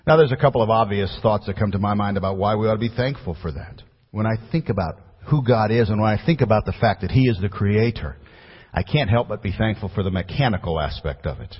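A man preaching a sermon as a pastor, building to emphatic peaks and then dropping low and quiet. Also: husky. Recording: muffled recording with long hall reverb.

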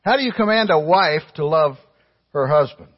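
Husky, animated male preacher. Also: on the high side, moderate pace, highs cut off. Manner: emphatic, with pointed rhetorical questions; addresses the congregation directly. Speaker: pastor. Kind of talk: sermon.

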